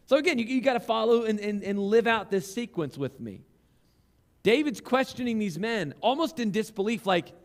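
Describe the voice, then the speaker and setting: A man preaching a sermon in a church, reading scripture slowly and acting out the voices of the people in the story with growing energy. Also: high voice. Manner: animated preaching, acts out quoted voices, reads scripture slowly. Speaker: pastor. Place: church sanctuary.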